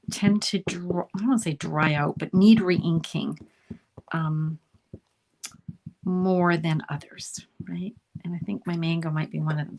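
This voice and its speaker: A woman's voice: lowish voice, creaky. Chatty Canadian woman demonstrating crafts. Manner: chatty, narrates each step, asks "right?". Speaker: card-making instructor. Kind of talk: live online crafting demo.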